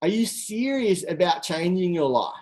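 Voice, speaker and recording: A coach speaking to a team on a call. The delivery is energetic and direct, built on rhetorical questions that push listeners to act. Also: mid-range voice, moderate pace, poor audio. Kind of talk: motivational talk on a group call.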